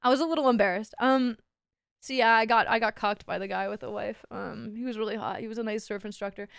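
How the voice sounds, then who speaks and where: Young woman, high voice, livestream storyteller, swears a lot, laughs often, dramatic, dry close mic. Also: fairly even intonation, fast talker, vocal fry, fairly bright tone, clean tone, dry recording. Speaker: VTuber streamer. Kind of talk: casual storytelling to a live chat.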